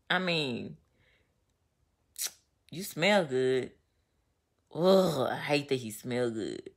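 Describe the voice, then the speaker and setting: A woman chatting casually to her viewers, venting with animated storytelling and slang. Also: low-pitched, takes it slowly, long pauses. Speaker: vlogger. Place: home, getting ready.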